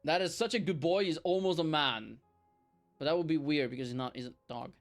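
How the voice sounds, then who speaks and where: A young man streaming a video game, excitably yelling at enemies and chatting between fights. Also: on the high side, a little fast, faint music behind. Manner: excitable, yells playfully at enemies. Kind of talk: live gameplay commentary.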